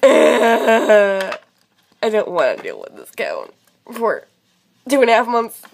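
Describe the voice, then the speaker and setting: A woman's voice: fairly high pitch, huge pitch swings, slow, gravelly, slight background noise, exaggerated voice. A young female voicing a frightened toy pet girl who shrieks and wails protests about the vet. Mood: melodramatic.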